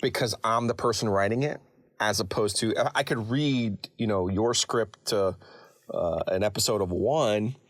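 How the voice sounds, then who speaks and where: A man with a low voice speaks as an interview guest. He is relaxed and thinks aloud, and his voice sounds dry and close. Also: moderate pace, no echo. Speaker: guest, sports journalist and radio personality. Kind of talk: casual interview talk.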